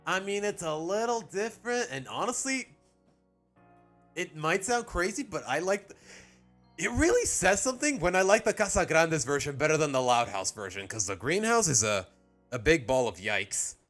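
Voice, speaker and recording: Lively man streaming. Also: fairly high pitch, normal speed, soft background music. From Mexico. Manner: rambling, self-interrupting, opinionated. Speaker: streamer ranking cartoon episodes. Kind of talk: casual live-stream commentary.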